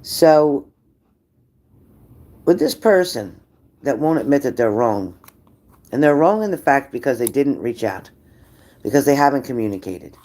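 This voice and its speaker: A psychic reader giving an unhurried spirit-message reading who repeats phrases and trails off mid-sentence. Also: mid-range voice, sing-song. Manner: breaks off to scold a dog loudly.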